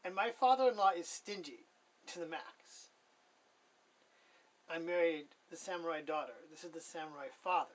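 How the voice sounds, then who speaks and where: A man's voice: fairly high pitch, normal speed, long pauses, recorded from a distance, lo-fi sound. A man telling his personal testimony in a casual, rambling way. He corrects himself often and chuckles as he goes.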